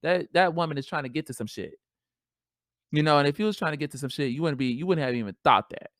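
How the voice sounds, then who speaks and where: A woman hosting a podcast solo, talking in a casual, animated, slangy way and laughing often. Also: low voice, quick pace, dry recording, clean studio sound. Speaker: podcast host.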